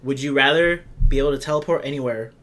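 A young man co-hosting a podcast, chatting casually and loudly, telling joking stories. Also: medium pitch, fast talker. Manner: loud, joking storyteller. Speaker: podcast co-host. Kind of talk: casual chat.

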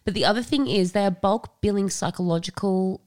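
A woman's voice: mid-range voice, a little fast. A woman, co-hosting a podcast in frank, sweary casual chat. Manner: frank and sweary, animated storytelling. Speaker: podcast co-host.

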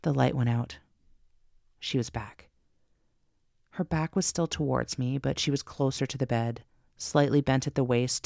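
A woman narrating a first-person ghost story for her podcast, slow and suspenseful. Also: very deep voice, vocal fry, a little mellow, no room sound, clean studio sound.

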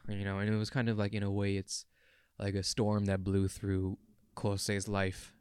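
A man's voice: lowish voice, monotone, moderate pace, darkish tone, smooth, no echo, studio quality. A young man co-hosting a podcast, talking in an earnest, rambling and emotional way. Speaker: podcast co-host. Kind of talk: casual chat.

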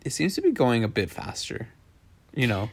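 A man co-hosts a podcast in a laid-back conversation. His voice sits at a middle pitch for a man. He rambles along with fillers and laughs easily. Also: wildly swooping pitch, moderate pace, gravelly, husky. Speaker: podcast co-host. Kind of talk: casual chat.

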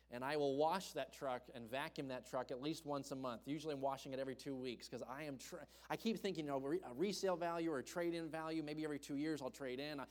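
A young man preaching from the pulpit, slightly high-voiced and animated as he tells his own story. His voice rings out with a long reverb in a church hall. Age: young adult. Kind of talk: storytelling sermon.

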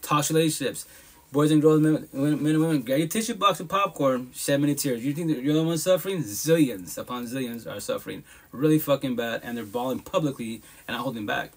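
Husky, blunt-talking man on a live stream. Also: mid-range voice, brisk. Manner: blunt, profane, emphatic talk with frequent laughs. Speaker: live podcast host. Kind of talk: casual live-stream monologue.

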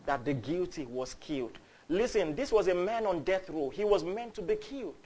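Brief: male preacher, high voice, fervent storytelling sermon. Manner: fervent, builds to loud cries, storytelling.

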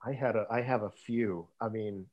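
A man's voice: lowish voice, fairly even intonation, normal speed, highs cut off. A middle-aged man, an actor, chatting in an interview and telling rambling anecdotes full of fillers and laughs. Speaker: actor guest. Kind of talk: casual interview chat.

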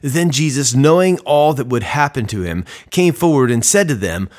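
A man's voice: mid-range voice, animated, normal speed. A man giving a devotional sermon commentary on scripture in a reflective, conversational teaching manner.

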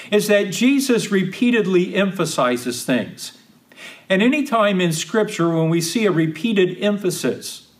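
A man leads a Bible study in a measured, unhurried delivery. His voice sits a little higher than most men's, and he leans on key phrases, repeating them for weight. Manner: slow, deliberate, emphatic repetition of quoted verses. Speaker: Bible teacher.

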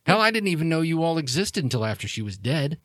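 A man's voice: fairly high pitch, big pitch swings, quick pace, fairly bright tone, no echo, studio quality, pitched above the performer's own voice. A man playing a glib, bitter long-lost sister. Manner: casual, offhand, swearing.

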